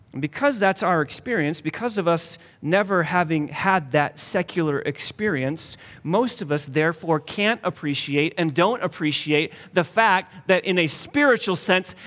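Emphatic preacher in a reverberant hall. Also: male voice, high-pitched. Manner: emphatic, with dramatic drops to a hush. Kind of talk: sermon.

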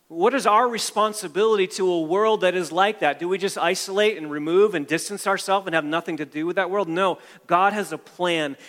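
A man's voice: high voice, fairly bright tone, in a large hall. A male pastor delivering an emphatic sermon, repeating phrases and restarting as he builds each point.

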